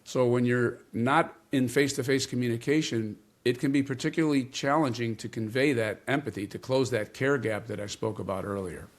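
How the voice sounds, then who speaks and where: Measured man explaining with emphasis. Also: mid-range voice. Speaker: guest, communication coach. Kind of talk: interview conversation.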